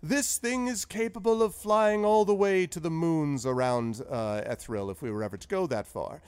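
A man's voice: fairly high pitch, normal speed, smooth, pitched above the performer's own voice, lightly acted. A man voicing a jovial elderly male giant wizard with a long white beard, speaking in a grandiose, flowery manner. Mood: exuberant. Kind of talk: tabletop role-play voice.

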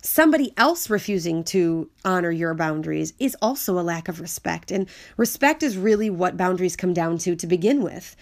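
A woman's voice: lowish voice, animated, fairly quick, few pauses. Earnest woman giving life advice. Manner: earnest, emphatic, repeats key phrases. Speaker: speaker on personal growth. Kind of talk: reflective monologue.

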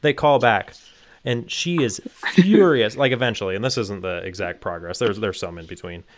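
A man chatting casually as a co-host, an animated storyteller. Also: lowish voice, normal speed. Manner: animated storyteller, acts out quotes. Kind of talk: casual chat.

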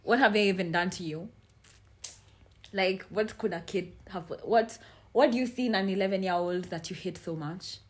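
A young woman, hosting a podcast in frank, animated casual chat and swearing freely. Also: mid-range voice, moderate pace. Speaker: podcast host.

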